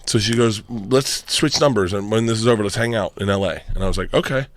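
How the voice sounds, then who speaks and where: A man guest on a comedy podcast, telling loud, rowdy stories in casual banter and acting out other people's lines. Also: fairly low pitch, quick pace, dry recording.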